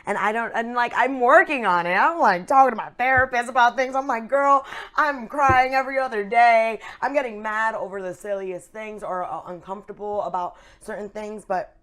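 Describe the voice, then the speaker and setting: A woman's voice: mid-range voice, brisk, few pauses, fairly bright tone. A woman, an actress, speaking openly and earnestly about her feelings in a casual interview chat, with plenty of fillers. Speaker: actress, guest.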